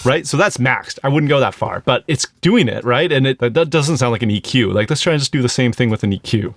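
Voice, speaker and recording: A man's voice: medium pitch, lively intonation, brisk, over music. A man reviewing an audio plugin in a casual, explanatory tutorial, thinking aloud as he goes. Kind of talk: casual screen-recorded tutorial.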